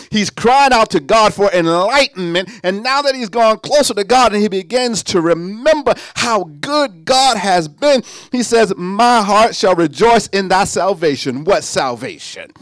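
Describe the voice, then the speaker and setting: A man preaching a sermon in a high, very lively voice that climbs into near-song and then drops to a hushed murmur. The sound is dry and close. He talks in an easygoing Southern Black way. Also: dry recording. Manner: animated preaching with sung lines and dramatic drops to a hush.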